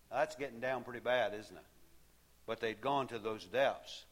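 A man's voice: mid-range voice, moderate pace. A man preaching a sermon, explaining scripture in a conversational way with frequent fillers and asides to listeners.

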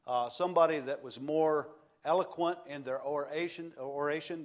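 A man preaching a sermon earnestly, repeating key phrases and pausing for emphasis. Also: a little high. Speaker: pastor.

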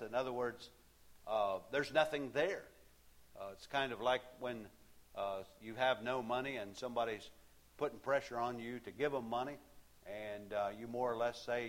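Guy preaching, talks it thru casual w lots of uhs, medium pitch. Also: moderate pace. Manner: conversational, with many fillers and asides to the listener. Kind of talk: sermon.

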